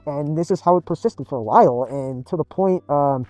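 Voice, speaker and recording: A man's voice: fairly high pitch, moderate pace, warm tone, no room sound, soft background music. A man telling a long personal gaming story in a rambling, emphatic way. He repeats himself and swears often. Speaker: gaming video creator.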